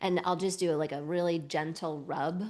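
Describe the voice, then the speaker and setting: A woman's voice: sits low, fairly even intonation, normal speed, darkish tone. A woman co-hosting a casual podcast as a somatic coach, talking with emphatic enthusiasm and frequent laughs.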